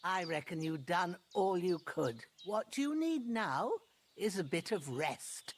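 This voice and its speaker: An actor voicing a kindly herbalist in a video game who gently guides a helper through brewing a potion in a plain, encouraging way. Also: mid-range voice, lively intonation, slow pace, a little hiss or hum. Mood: calm.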